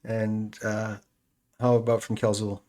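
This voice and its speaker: A man's voice: on the low side, flat delivery, measured pace, warm tone. Game master, male, easygoing, laughs a lot while narrating a tabletop session. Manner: laughs often, many fillers.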